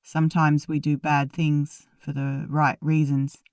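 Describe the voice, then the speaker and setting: A woman reading an audiobook, voicing a worried older male doctor who speaks firmly and slowly. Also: low voice, flat delivery, a little mellow, no echo, studio quality. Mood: insistent.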